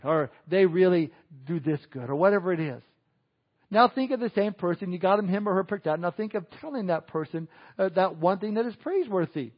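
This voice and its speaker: A man preaches to his congregation in a relaxed, chatty way, dropping in little chuckles and asides. His voice sits a bit high for a man. The recording is dull and lo-fi, like old church audio. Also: a little fast. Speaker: pastor. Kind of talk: sermon.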